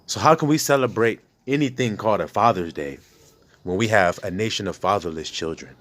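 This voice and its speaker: A man's voice: lowish voice, fairly quick, a bit bright. A man preaching with passion, bluntly and profanely, firing rhetorical questions at his listeners. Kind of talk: preaching to a congregation.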